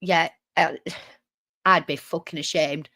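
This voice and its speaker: Woman, reaction streamer, sarcastic, profane, low-pitched, dry recording. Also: fairly even intonation, a little slow, pushed and bright, dry recording. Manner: sarcastic, sweary, talks back at the clip. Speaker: streamer host. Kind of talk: reaction commentary.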